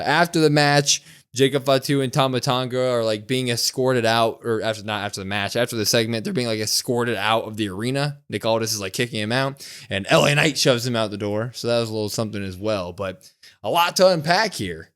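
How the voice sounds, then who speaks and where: A young man co-hosting a wrestling podcast, retelling the show in a lively, casual way and slowing down to mimic the people he quotes. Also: mid-range voice, smooth. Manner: animated retelling, slows to mimic quoted speakers. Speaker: podcast co-host. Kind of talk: casual recap chat.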